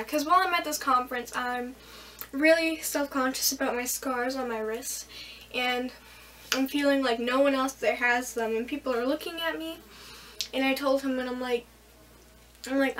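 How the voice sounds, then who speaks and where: A young woman in her bedroom, casually retelling a personal story in a rambling, animated way, acting out the voices of the people in it. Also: high-pitched, normal speed, far from the mic. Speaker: vlogger.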